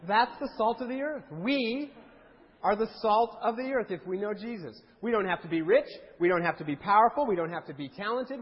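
A male pastor delivering a humorous, conversational sermon with playful asides to his congregation. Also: high voice. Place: church sanctuary. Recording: dull sound with long hall reverb.

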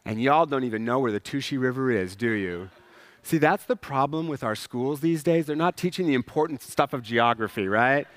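A man's voice: medium pitch, no room sound. Conversational male pastor, dry close sound. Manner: conversational, asks "right?" often, acts out characters. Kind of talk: sermon.

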